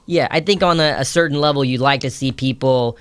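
A man guest in a casual radio interview, talking in a halting, rambling way with many restarts. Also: mid-range voice, a bit bright, clear, resonant tone, no echo. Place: radio studio.

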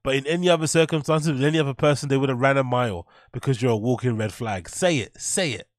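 A man's voice: medium pitch, quick pace, dry recording, studio quality. A man reacting to a clip, bluntly mocking what he hears and swearing often. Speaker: reaction streamer. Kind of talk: reacting to a clip, casual commentary.

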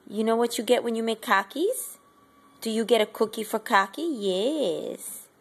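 A woman's voice: medium pitch, unhurried. A woman talking baby talk to her pet in a cooing, sing-song way, asking it question after question, recorded on a phone. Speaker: pet owner.

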